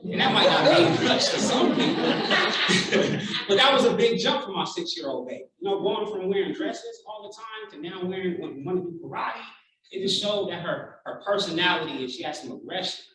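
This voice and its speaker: A keynote speaker in his thirties addresses a large room in a high-sitting voice at normal speed, against a noisy background. Heartfelt and animated, he tells a personal story and acts out what people said, his voice sounding far off in a very echoey hall.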